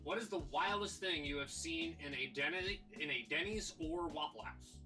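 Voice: mid-range voice, normal speed, sharp tone, soft background music. A podcast co-host chatting playfully and putting questions to the guests. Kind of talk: casual comedy podcast chat.

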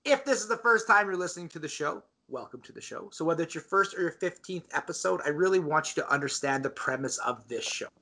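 Bright, energetic male podcast host. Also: fairly high pitch. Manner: energetic, talks straight to listeners. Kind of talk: podcast intro, explaining show rules.

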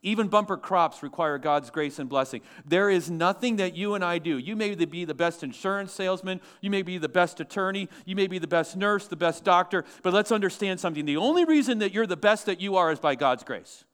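Guy preaching in church, kinda high voice, punchy and asks the crowd stuff. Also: fairly quick, hardly any pauses, fairly bright tone. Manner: emphatic preaching, asks the congregation questions. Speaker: pastor. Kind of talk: sermon.

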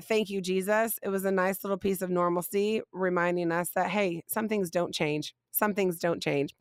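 A woman, hosting a podcast and telling a funny family story in a casual, animated way. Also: on the low side, moderate pace, clean tone, dry recording. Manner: animated, laughing, rising emphasis on punchlines. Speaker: podcast host.

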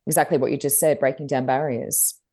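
Low-voiced woman co-hosting. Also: steady tone, fairly quick, mellow. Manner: supportive, chips in short replies. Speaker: podcast co-host. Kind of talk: casual chat.

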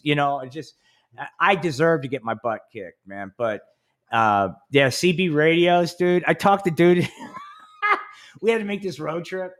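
A man in his fifties tells long, profane stories on a casual podcast. His voice sits a little high for a man, and he keeps slipping into raised, animated voices for the people he quotes. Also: normal speed. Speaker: podcast co-host. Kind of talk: casual storytelling.

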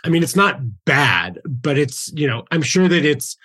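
A man's voice: a little high, moderate pace, breathy edge. Chatty man co-hosting a podcast. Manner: animated, loose, many fillers like "you know". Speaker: podcast co-host. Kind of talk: casual chat.

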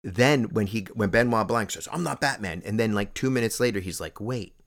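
A man with a fairly low voice chatting casually about films. He talks excitably, with repeated words and restarts, and his pitch jumps when he gets worked up. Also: a little fast. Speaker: podcast co-host. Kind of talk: casual film discussion.

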